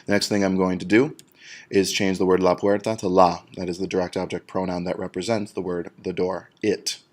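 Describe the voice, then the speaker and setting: In a grammar lesson, a Spanish teacher with a deep male voice takes a patient, even approach. Each example gets a step-by-step treatment, with key words pronounced slowly for the students' benefit.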